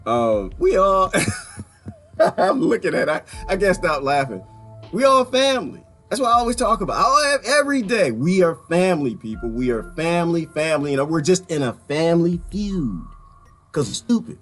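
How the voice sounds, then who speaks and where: A man talking casually to his viewers about politics, animated, often breaking into laughter and repeating his phrases. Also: a little high, normal speed, faint music behind. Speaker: vlogger.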